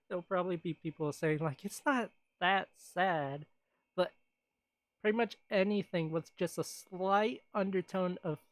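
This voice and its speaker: A streamer chatting casually on stream at an unhurried pace, rambling from one thought to the next. The voice sits at a middle pitch and is recorded dry and close. Laughs and sighs come often. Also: no room sound.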